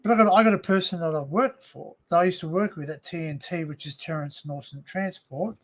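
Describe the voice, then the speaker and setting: An Australian man hosts a casual live stream from home, speaking into a desk microphone. His voice sits a little high for a man. He rambles and circles back, leaning on "you know" and "like" between his points. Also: a little fast. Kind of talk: casual chat.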